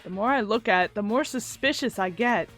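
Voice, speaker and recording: A woman reading the narration of a nervous, earnest teenage boy in a plain, slightly lowered voice. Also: brisk, fairly bright tone, faint music behind. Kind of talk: reading game narration aloud.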